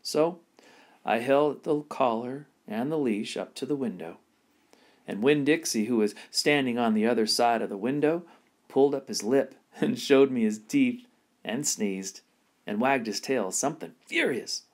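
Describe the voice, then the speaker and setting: A man reading a children's novel aloud in an expressive storytelling manner. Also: mid-range voice, a little slow. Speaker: reader.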